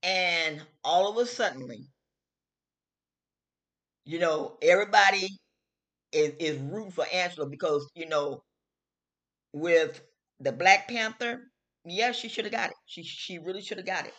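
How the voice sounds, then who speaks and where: A middle-aged woman hosting her own show, giving her opinion in a slow, emphatic, chatty way and repeating her phrases. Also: fairly low pitch, a bit bright. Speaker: host. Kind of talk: casual opinion talk.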